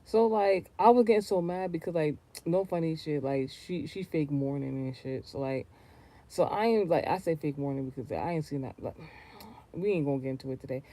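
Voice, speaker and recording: A man venting in a casual, rambling rant, profane and animated, with lots of restarts and sudden loud high outbursts. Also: fairly quick, dry recording. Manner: swings between low mutters and loud high outbursts. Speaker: vlogger.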